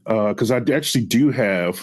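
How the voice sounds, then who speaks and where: A man's voice: fairly low pitch, animated, fairly quick, husky, low-quality recording. A man hosting an interview show, chatty and easygoing, who laughs often and talks straight to his audience.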